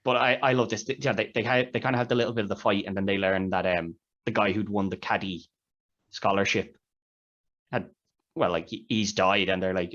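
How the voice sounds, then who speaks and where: Over dull, lo-fi audio, a man co-hosting a podcast chats informally about a movie and retells its scenes at rambling length. His voice is lowish and fairly bright, and his tone is steady at a slightly fast pace.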